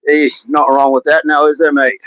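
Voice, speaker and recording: A man's voice: a little high, flat delivery, a little fast, fairly bright tone, dry recording, lo-fi sound, close to an everyday voice. A man putting on a put-on Australian accent, voicing a cheeky, carefree bloke who sounds breezy and falsely innocent.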